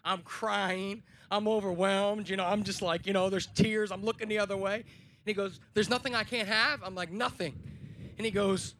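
A young man giving a sermon on a festival stage, telling stories and building to loud, emphatic preaching. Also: high-pitched, level tone, normal speed. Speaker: speaker at a Christian festival.

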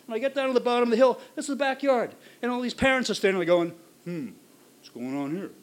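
Brief: high-pitched male storyteller, lively live delivery with acted-out yelps and voices. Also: racing. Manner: animated, acts out shouts and voices.

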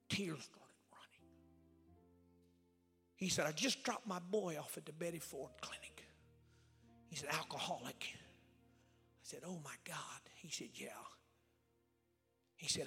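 Gravelly, bright-voiced evangelist man preaching. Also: a little high, moderate pace, long reverb tail, faint music behind. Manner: dramatic storytelling, swinging from loud outbursts to hushed whispers; folksy, acts out dialogue. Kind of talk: sermon. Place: church sanctuary.

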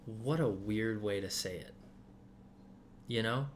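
A man's voice: fairly low pitch, slow, a little hiss or hum. A man giving casual Bible teaching to a group, talking loosely with many fillers and restarts.

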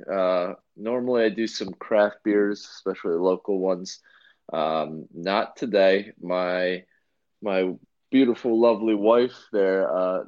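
A man's voice: fairly low pitch, a little mellow, lo-fi sound. A man co-hosting a podcast in casual chat, rambling and laid-back with lots of fillers and restarts. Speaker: podcast co-host.

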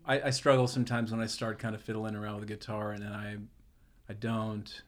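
A man's voice: fairly low pitch, level tone, soft background music. A man hosting a podcast interview, thinking aloud and restarting his sentences as he talks. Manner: halting, repeats words while thinking aloud. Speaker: podcast host.

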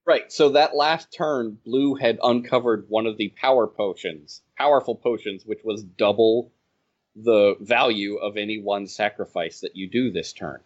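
A man telling stories from running his game in a casual podcast chat, animated and laughing as he goes. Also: fairly low pitch, a little slow. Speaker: game designer and organizer. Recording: slightly dull, lo-fi audio.

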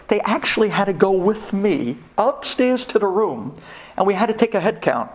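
A man, a rabbi, tells a humorous personal story as part of a Torah talk. His voice sits a little higher than most men's and swings widely as he acts out the dialogue. The storytelling is lively and comic. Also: moderate pace.

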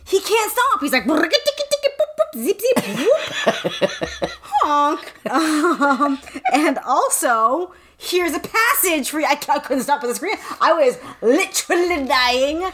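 A woman's voice: high-pitched, unhurried, few pauses. A woman co-hosting a comedy chat, retelling a story with crude jokes and frequent laughter. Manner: giggly, crude, animated retelling. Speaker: podcast co-host.

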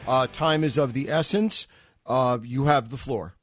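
A man hosting a talk radio show, speaking in a wordy, brisk and wry way. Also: medium pitch, soft background music.

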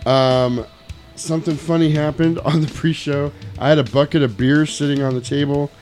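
A man's voice: on the high side, fairly even intonation, moderate pace, darkish tone, faint music behind. A man hosting a podcast, a little tipsy, chatting loosely and cursing freely. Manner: loose, rambling, profane. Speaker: podcast host. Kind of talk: casual chat.

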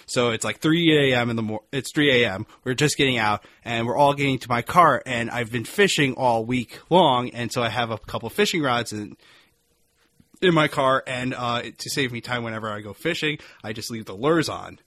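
A man co-hosting a casual podcast, telling a story in a halting way with many pauses. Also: medium pitch, a bit bright, no room sound. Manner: halting, full of fillers and restarts. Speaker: podcast co-host. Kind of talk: casual chat.

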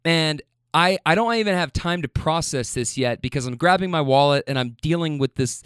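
A man's voice: fairly high pitch, expressive, normal speed, a bit bright, clear, resonant tone, dry recording, clean studio sound. A man casually telling a story, rambling with fillers, stammers and swearing.

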